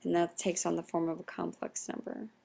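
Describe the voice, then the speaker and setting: A young woman, a math teacher, explaining a recorded lesson in a quiet, half-whispered voice. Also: on the low side, monotone, brisk, gravelly, husky.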